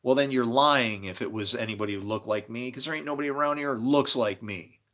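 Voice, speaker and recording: A man giving a rambling spiritual monologue, an animated storyteller. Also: mid-range voice, quick pace. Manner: animated storyteller, acts out quoted voices.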